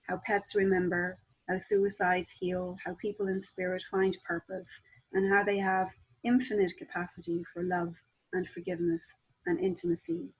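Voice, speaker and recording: A woman author talking as a guest on a video call and reading aloud from her own book in a calm, measured way. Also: medium pitch, slightly rough, poor audio.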